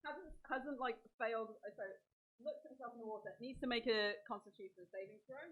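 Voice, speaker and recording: A woman's voice: on the high side, a little fast, breathy edge, narrow, tinny audio. A woman narrating as dungeon master, describing scenes vividly and talking through the rules aloud. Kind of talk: narrating a tabletop game.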